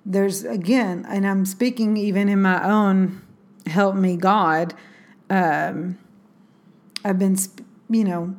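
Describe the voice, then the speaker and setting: A woman in a casual faith talk, speaking earnestly and reflectively, with many fillers and restarts. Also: mid-range voice. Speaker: Christian speaker.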